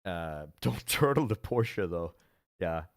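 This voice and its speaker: A man's voice: sits low, animated, takes it slowly, no room sound, studio quality. A man, a streamer who talks casually with his chat, loose and joking. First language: Danish. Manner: chatty, answers chat readers, loose and joking.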